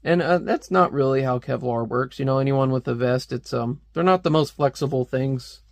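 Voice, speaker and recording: A man's voice: mid-range voice, normal speed, vocal fry, darkish tone, no room sound. A man giving a chatty, amused, casual comic book review.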